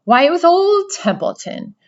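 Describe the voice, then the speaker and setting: A woman's voice: very high-pitched, very animated, unhurried, muffled recording, voice pushed up, heavily acted. A woman reading a storybook aloud, voicing a sarcastic, self-pitying male rat who mocks and complains. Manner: mocking, whiny, complaining.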